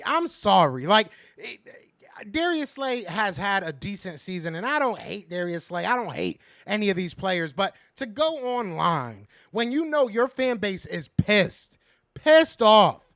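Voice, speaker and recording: A man's voice: high voice, vocal fry, sharp tone, dry recording, studio quality. A man hosting a casual fan podcast, ranting in frustration, repeating himself and answering viewers' chat. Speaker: podcast host reading live chat.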